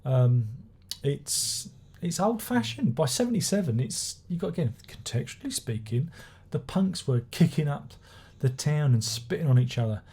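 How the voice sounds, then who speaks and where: A man's voice: fairly high pitch, very animated, normal speed, hardly any pauses, dark tone, husky. Sardonic, sweary man reviewing records. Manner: sardonic, swearing, rambling with restarts. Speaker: music reviewer. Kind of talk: casual spoken album review.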